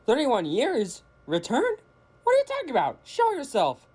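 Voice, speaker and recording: Excitable, nervous engine in a cartoon, voiced by a man, lively pitch swings. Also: normal speed, heavily acted. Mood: anxious. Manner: anxious, excitable. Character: startled male engine, Robert.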